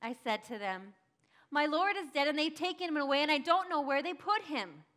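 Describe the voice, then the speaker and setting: A woman acting a grieving early follower in a first-person dramatic monologue, telling it breathlessly and crying out in high bursts. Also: expressive, slow pace, pushed and bright, heavily acted. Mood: anguished. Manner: emotional, breathless storytelling, cries out in high bursts. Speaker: church dramatic monologue performer.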